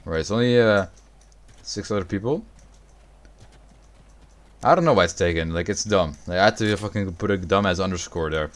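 A young man livestreaming a video game, chatting with viewers, swearing and reacting loudly to the game. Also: low voice, lively intonation, moderate pace, pauses often. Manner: profane, reacts loudly to the game, answers chat. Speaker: streamer. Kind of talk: casual gaming livestream chat.

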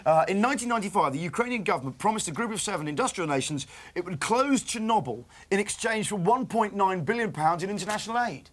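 A British man presenting live breakfast television reads out newspaper puns amid playful, mock-indignant banter, jumping from one bit to the next. His voice sits high and fairly bright, with lively intonation and a quick pace that leaves few pauses.

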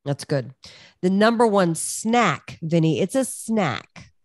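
Woman co-host, teasing, laughs a lot, kinda low voice, dry mic. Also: animated, slow pace, no echo. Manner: teasing, laughs as she talks. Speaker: podcast co-host. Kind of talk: casual chat.

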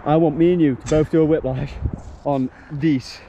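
A man's voice: a little high, steady tone, moderate pace, muffled recording. A young man riding with his friends, teasing and joking in casual banter. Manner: playful, teasing. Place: outdoor skatepark. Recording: outdoor camera audio with loud background noise.

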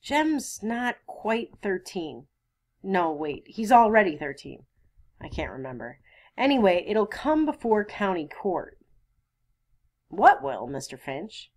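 A woman's voice: mid-range voice, very animated, slow, darkish tone, voice pushed up, heavily acted. A woman reading the part of a principled small-town lawyer and father, earnest, firm and courteous.

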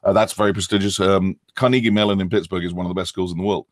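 Man, British accent, middle-aged, lowish voice, animated, dry close mic. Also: racing, no room sound. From England. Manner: animated, switches into playful accent demonstrations. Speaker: guest actor. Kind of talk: casual podcast interview.

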